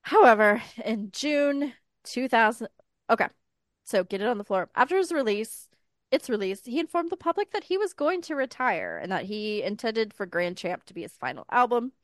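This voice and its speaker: A woman in her thirties co-hosting a podcast, retelling a life story in casual chat with a smooth public-radio style voice and wry, deadpan asides. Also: fairly high pitch, moderate pace, no room sound. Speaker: podcast co-host.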